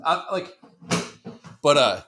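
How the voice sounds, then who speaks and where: This podcast co-host, a man in his thirties, speaks slowly in a fairly high voice with big swings in pitch and a bright, forceful tone, over a little hiss or hum. He rambles profanely in casual talk and imitates others' voices.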